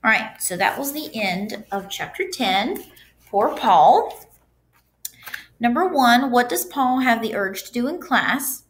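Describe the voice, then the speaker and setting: A woman's voice: fairly high pitch, normal speed. Woman reading a children's book aloud. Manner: animated storytelling with stops to guide the class. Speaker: teacher.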